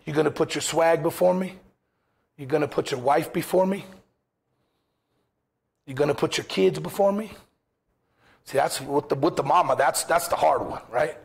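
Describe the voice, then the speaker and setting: A man's voice: a little high, moderate pace, creaky, pauses often, slightly rough. A man preaching a sermon as pastor in a church, impassioned, firing rhetorical questions and acting out quoted voices.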